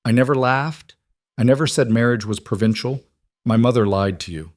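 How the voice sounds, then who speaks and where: A man voicing a young woman who was wronged, speaking in a flat, clipped way. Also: medium pitch, normal speed, no echo, studio quality, close to an everyday voice. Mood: cold.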